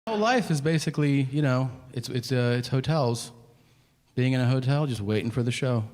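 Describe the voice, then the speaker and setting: Performing a stand-up routine for a live theater crowd, a middle-aged comedian tells a story and voices both characters in the dialogue. He speaks a little fast in a medium-pitched, darkish voice, and the hall's reverb and audience noise are audible.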